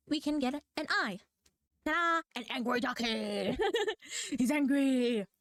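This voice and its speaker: Casting: high-voiced woman, scatterbrained and giggly, chatting away while she sketches; dry, close mic. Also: no echo. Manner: giggly, scatterbrained, playful, self-mocking; bursts into squeaky exclamations. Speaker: manga artist drawing on stream. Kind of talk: rambling casual chat while drawing. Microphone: desk microphone.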